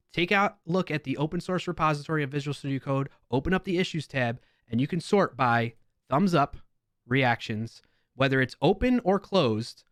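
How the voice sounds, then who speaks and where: A man's voice: on the high side, dry recording, clean studio sound. A man with a New York accent giving casual reaction commentary as a developer YouTuber, with chatty, wry asides.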